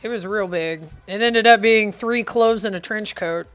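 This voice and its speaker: Woman, playful, chatty, live cooking stream, mid-pitched voice, faint music behind. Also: normal speed. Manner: chatty, playful, answers chat aloud. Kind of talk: casual cooking livestream chat.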